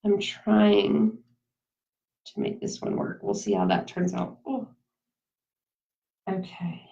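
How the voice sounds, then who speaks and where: A woman's voice: medium pitch, very animated, takes it slowly, gravelly, dark tone. A woman giving a casual live craft demonstration, chatty, laughing easily and talking straight to her viewers. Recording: dull lo-fi sound.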